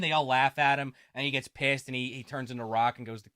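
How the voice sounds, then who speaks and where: A man co-hosting a casual livestream, talking in an animated, profane, joking way. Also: mid-range voice, fast talker, hardly any pauses, heavy background noise. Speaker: podcast co-host.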